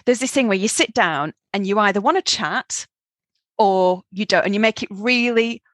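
A middle-aged woman from England, co-hosting a podcast and telling travel stories in an animated, chatty way. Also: mid-range voice, moderate pace, no room sound. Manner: animated, laughing, acts out quoted voices. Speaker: podcast co-host. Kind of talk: casual chat, storytelling.

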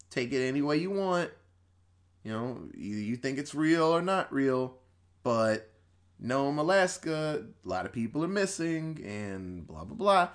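A man on a podcast casually retelling a horror movie plot, rambling and swearing, quoting the characters as he goes and laughing between points. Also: a little high. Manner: profane, rambling storytelling with quoted voices. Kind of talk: casual movie recap chat.

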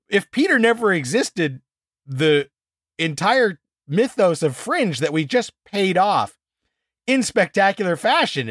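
Sex: man. Role: podcast co-host. Style: casual chat. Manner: animated, exasperated, swearing. Pitch: fairly high and very lively. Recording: dry, close. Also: dry recording. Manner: animated, exasperated, swears freely, acts out scenes. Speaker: podcast co-host reviewing a TV episode.

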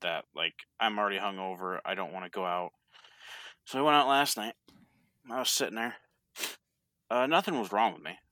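A man's voice: on the low side, normal speed, pauses often, pushed and bright, no echo, studio quality. A man in casual chat, telling a laid-back, profane story.

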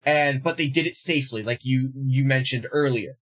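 A man's voice: mid-range voice, normal speed, a bit bright. Man asking rambling questions. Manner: rambling, hesitant questions with fillers. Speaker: podcast host. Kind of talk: casual interview questions.

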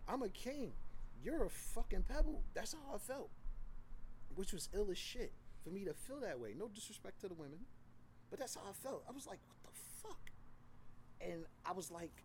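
A man's voice: high-pitched, very animated, moderate pace, a little mellow, slight background noise, poor audio. A man talking as a podcast guest, telling candid, profane stories in a loose, casual way. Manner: loose, conversational, frequent "like" and "you know".

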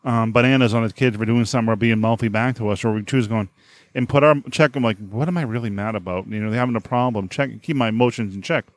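A man's voice: mid-range voice, quick pace, dry recording. A man in his thirties in casual conversation, rambling and repeating his words as he thinks aloud. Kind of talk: casual podcast chat.

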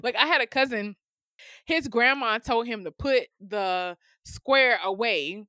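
A woman's voice: on the high side, measured pace, sharp tone, no room sound, clean studio sound. A young woman hosting a podcast, talking bluntly in casual chat and laughing often. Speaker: podcast host.

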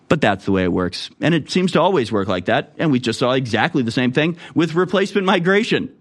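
A man's voice: medium pitch, big pitch swings, fast talker, hardly any pauses. A man delivering a political commentary monologue in a sarcastic, mocking way. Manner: sarcastic, mocking impressions in raised voice.

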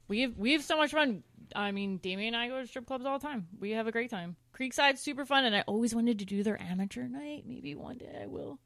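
A woman guest on a talk show with a bright, lively tone and a slightly higher voice. She is recorded close and dry, with no room sound, and talks openly and cheerfully. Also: brisk, vocal fry, dry recording. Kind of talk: casual chat.

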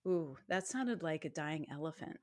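A chatty woman co-hosts a casual podcast, her voice sitting a little low for a woman. She talks loosely and laughs often, trading banter with a friend. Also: animated, moderate pace, a little mellow. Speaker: podcast co-host. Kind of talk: casual true-crime podcast chat.

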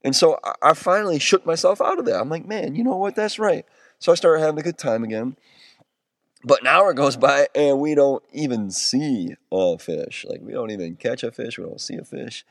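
Male podcast host, mid-range voice, chatty storyteller with animated peaks, dry studio sound. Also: normal speed, gravelly, dry recording. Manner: animated, with sudden jumps to excited highs; rambling with restarts and self-corrections. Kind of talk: casual storytelling monologue.

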